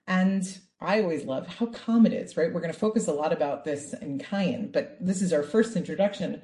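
A woman teaching an online Bible class, talking in a lively way and checking in with "right?" over and over. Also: lowish voice, measured pace. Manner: lively, asks "right?" often. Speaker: Torah teacher. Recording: echoey room.

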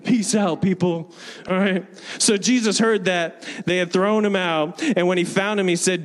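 A pastor preaching a sermon in a church and leading the congregation in call-and-response, building to fervent declarations. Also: male voice, sits high, a little slow, big-room sound. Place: church hall with balconies.

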